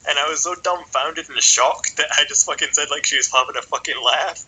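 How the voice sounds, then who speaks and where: A young man tells a long, rambling story on a casual podcast, with "like" and swearing in nearly every sentence. His voice is very bright and edgy, with a faint hiss in the background. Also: a little high, fairly quick, rough recording. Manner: sweary, rambling, filler-heavy. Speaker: podcast co-host.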